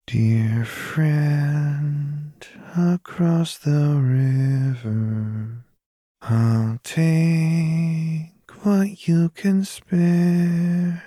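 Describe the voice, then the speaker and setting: A man voicing an eerie young woman who half-sings, half-mutters a begging song in a soft voice. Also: on the high side, no echo, studio quality, voice pushed up. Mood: eerie singing. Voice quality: soft, half-sung, drawn-out. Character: eerie young woman singing softly in the dark.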